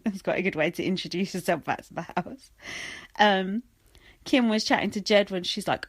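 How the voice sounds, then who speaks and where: A woman's voice: medium pitch, moderate pace. A woman recapping a reality show in a sweary, sarcastic, exasperated rant. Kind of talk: ranting casual commentary.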